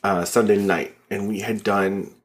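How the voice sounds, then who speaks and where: A man's voice: on the low side, fairly even intonation, a little slow. A young man co-hosting a podcast, in casual chat, a little wheezy, rambling with restarts and easy laughs. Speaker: podcast co-host.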